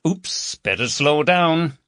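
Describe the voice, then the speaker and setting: A man's voice: fairly high pitch, expressive, a bit bright, dry recording, clean studio sound, pitched above the performer's own voice. A man voicing a jovial, teasing male chief inspector with a Yorkshire accent. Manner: hearty, teasing, brisk.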